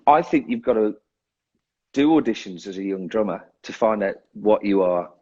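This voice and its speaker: A man with a lowish, husky voice talks as an interview guest in easy, self-deprecating chat, laughing at himself and restarting his sentences. His audio sounds muffled and lo-fi. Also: lively intonation, moderate pace, dark tone. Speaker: guest drummer.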